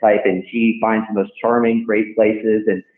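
A man hosting a podcast conversation, speaking in a measured, thoughtful way that hedges carefully. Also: lowish voice, flat delivery. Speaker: podcast host. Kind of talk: casual chat. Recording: tinny phone line in an echoey room.

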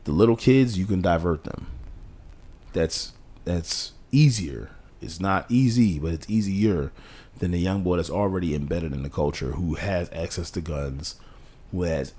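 A man co-hosting a casual podcast, talking with passion, rising in pitch to stress points and dropping low to quote others. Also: moderate pace, warm tone. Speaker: podcast co-host.

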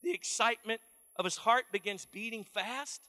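High-voiced preacher, echoing hall. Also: male voice, normal speed. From Dallas, Texas. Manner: animated, storytelling, folksy. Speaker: pastor. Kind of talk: sermon.

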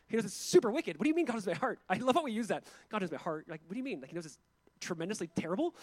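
A man's voice: sits high, big pitch swings, racing, no room sound. A male pastor preaching a sermon in a conversational, emphatic way, with asides and chuckles.

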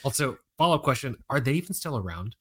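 A man's voice: medium pitch, fast talker, slightly rough. Joking, profane man in podcast banter. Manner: animated, joking, profane, laughs easily. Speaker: podcast co-host. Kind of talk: casual chat.

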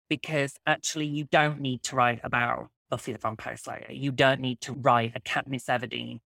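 Animated woman author, dry close sound. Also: rumbling low, vocal fry, dry recording. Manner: animated, quick storytelling. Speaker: author guest. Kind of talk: enthusiastic interview chat.

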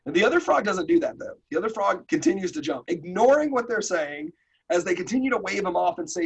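A man hosting a podcast, telling a motivational story in a folksy, animated way. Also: high-pitched, fast talker, vocal fry, husky, low-quality recording. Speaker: podcast host.

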